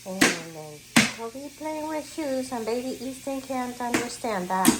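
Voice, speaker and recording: Holding her phone, a family pet-monkey vlogger records a casual home video, cooing at her pets and a baby in a sing-song baby voice. She sounds a little high and animated, speaking a bit slowly, with lots of noise around her.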